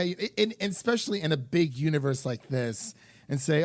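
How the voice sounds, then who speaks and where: A young man co-hosting a film podcast, talking in an animated, rambling way with lots of restarts and fillers. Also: fairly high pitch, a little fast, no echo. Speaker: podcast co-host. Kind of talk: casual chat.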